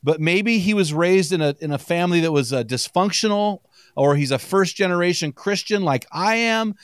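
A man guesting on a podcast, telling stories quickly with plenty of energy and laughter in a casual chat. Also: high voice, clear, resonant tone, no room sound, clean studio sound. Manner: energetic storyteller, quick and chatty, laughs often.

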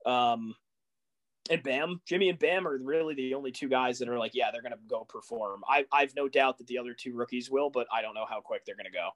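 A young man co-hosting a sports podcast in a relaxed, casual chat. He gets worked up in animated rants and fires off rising, exasperated questions. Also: medium pitch, fairly quick. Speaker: podcast co-host.

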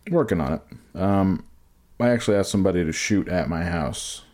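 A man's voice: low-pitched, lively intonation, a little fast, darkish tone. A man co-hosting a podcast in casual banter, rambling and profane, often trailing off and restarting sentences. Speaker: podcast co-host.

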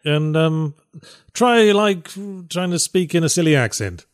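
A man's voice: a little high, expressive, measured pace, clear, resonant tone. A man, hosting a casual chat about reviewing games in a dry, wry, matter-of-fact way. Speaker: podcast host and game reviewer.

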